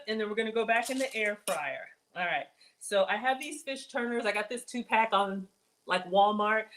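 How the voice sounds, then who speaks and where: A woman's voice: medium pitch, slight background noise, low-quality recording. A woman hosting a casual cooking livestream, chatting with her viewers as she cooks and flustered as she keeps telling herself to focus. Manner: chatty, talks to viewers as y'all. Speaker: cooking show host.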